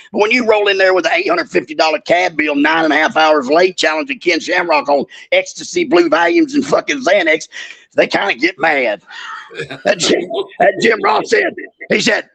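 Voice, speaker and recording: Gravelly, high-pitched laughing man. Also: expressive, brisk, fairly bright tone. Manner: profane, laughing, rambling storyteller. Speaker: guest, former wrestler. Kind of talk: casual storytelling chat.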